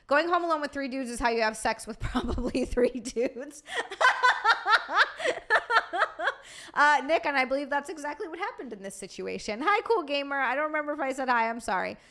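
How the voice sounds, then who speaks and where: Sleepy woman streamer rambling and cussing, kinda high pitched, bright sharp voice. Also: lively intonation, fast talker, few pauses. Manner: chatty and scattered, swears freely. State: tired from lack of sleep. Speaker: streamer and podcast host. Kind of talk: casual livestream chat, answering viewer donations.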